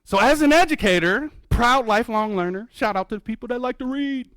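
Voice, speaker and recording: Man, keynote storyteller, very high voice, lively swings in pitch, excitable, acts out his reactions, dry close sound. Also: brisk, no echo. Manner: excitable, addresses audience as folks, acts out his own reactions. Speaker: keynote speaker and birder. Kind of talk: animated storytelling talk. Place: museum event hall.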